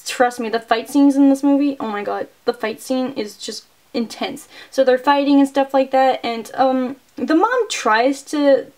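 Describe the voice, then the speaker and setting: A young adult woman reviewing a movie, retelling the plot in an excitable, casual way and filling her sentences with "like". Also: high-pitched, a little slow, few pauses. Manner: chatty and excitable, heavy use of "like" fillers.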